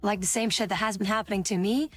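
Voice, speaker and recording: Woman streamer chatting to viewers; loose, rambling delivery full of fillers, soft music under her. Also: medium pitch, fairly even intonation, fast. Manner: rambling, many fillers and restarts. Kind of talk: casual storytelling to chat.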